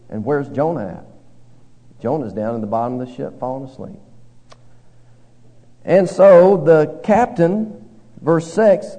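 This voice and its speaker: A man's voice: on the high side, dark tone. A man preaching a conversational sermon, reading verses aloud and talking them through with his congregation. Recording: long hall reverb.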